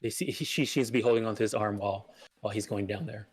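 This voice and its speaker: A man's voice: lowish voice, fast talker, breathy edge. Rambling male game master. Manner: rambling, many filler sounds. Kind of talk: narrating a tabletop game.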